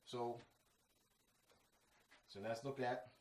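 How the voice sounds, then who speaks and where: A man's voice: mid-range voice, level tone, drawn-out words, darkish tone. A man giving an informal lecture, emphatic and repetitive, full of slang asides like "man" and "you know what I mean". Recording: echoey room, mic at a distance.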